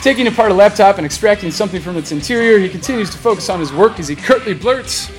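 A man reads the scene directions of a comic audio drama, amused and laughing as he goes. His voice sits on the high side. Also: lively intonation, quick pace, soft background music. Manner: amused, laughing through lines. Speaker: scene narrator. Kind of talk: reading stage directions.

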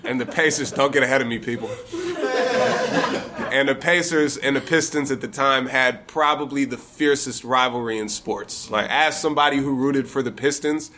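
A man's voice: medium pitch, normal speed, background noise. A man from Michigan telling a funny personal story to a live audience, casual and profane, often chuckling.

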